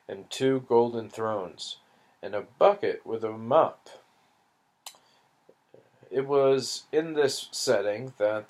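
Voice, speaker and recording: A man reading a novel aloud in a slow, deliberate manner. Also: mid-range voice, a little mellow. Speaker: audiobook reader.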